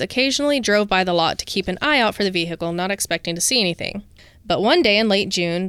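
A woman's voice: medium pitch, a bit bright, clean tone, no echo. Female podcast co-host, clean resonant voice, dry close mic, casual true-crime storyteller. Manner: reads researched notes, breaks into casual asides.

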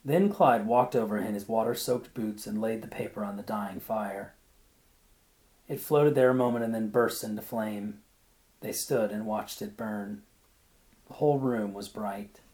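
A man reading a short story aloud, then musing about it in a thoughtful, halting way. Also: on the low side, mellow. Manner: thoughtful, searching for words. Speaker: reader.

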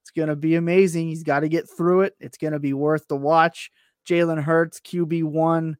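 A man with a fairly high voice talks in quick, animated bursts, tripping over his words as he goes. The sound is dry and close. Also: smooth, no room sound. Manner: animated, self-deprecating, stumbles over words. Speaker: podcast guest. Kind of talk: casual chat.

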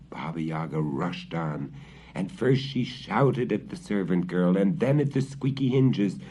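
A man narrates a fairy tale slowly and expressively, in a low, husky voice. His pitch swings widely from line to line. The recording sounds dull and lo-fi. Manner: expressive, dramatic reading. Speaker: storyteller. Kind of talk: storybook narration.

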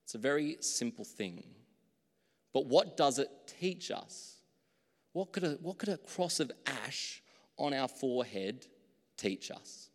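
A man preaching a sermon as pastor, in a relaxed conversational way that pokes fun at his own slips. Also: mid-range voice, unhurried, in a large hall.

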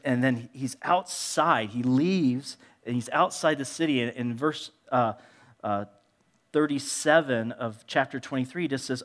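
A middle-aged male pastor preaching a sermon in a conversational, animated way, with frequent restarts. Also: medium pitch, a little slow.

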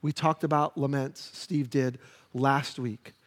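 A man's voice: mid-range voice, steady tone, slow pace, in a large hall. A man preaching a sermon as pastor, earnest and rising to fervent pleas when he reads scripture aloud.

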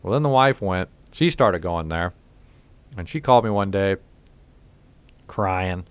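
A man's voice: sits low, animated, measured pace, smooth, no echo. Profane, rambling man telling a story. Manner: profane, rambling storyteller who acts out the people he quotes. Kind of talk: casual chat.

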